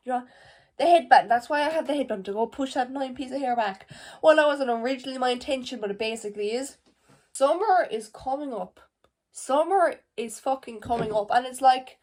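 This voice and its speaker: Sitting at home with the camera pointed at her, a teen vlogger from Ireland chats aimlessly, peppering her talk with "like" and curse words. She sounds high-pitched, slightly mellow, and brisk.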